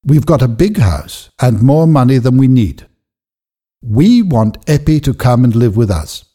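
A man playing an earnest wealthy gentleman. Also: mid-range voice, very animated, measured pace, breathy edge. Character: wealthy gentleman, pleading then agitated.

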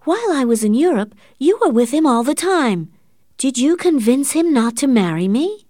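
A woman's voice: big pitch swings, unhurried, warm tone, no room sound, studio quality. A woman reading the part of an unhappy, proud young woman, earnest and strained. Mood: accusing. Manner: earnest and strained, higher than the narration. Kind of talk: audiobook character reading.

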